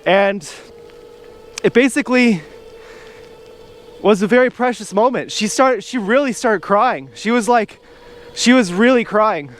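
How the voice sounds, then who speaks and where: A man vlogging while he rides an ebike along outdoor trails, telling a meandering, drawn-out story in a calm, stoned manner. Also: high-pitched, slight background noise. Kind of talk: rambling monologue while riding. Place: outdoors on nature trails by a river. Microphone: camera on an ebike.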